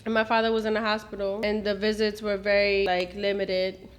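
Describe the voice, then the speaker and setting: A middle-aged mother hosts an emotional look back at family memories, slipping into Spanish and acting out what people said. Her mid-range voice has little pitch movement and moves fairly quickly.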